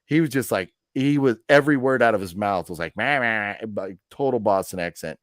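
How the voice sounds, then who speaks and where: A man hosts a live movie news stream, telling stories in rambling, casual chat packed with fillers. His voice is on the low side and brisk, recorded in studio quality with no echo.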